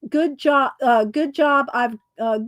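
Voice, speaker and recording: A woman's voice: high-pitched, slow, a bit bright, no echo, pitched above the performer's own voice. A woman reading aloud the lines of an adventurous male dwarf miner from a fan comic, her voice a little raised. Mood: eager.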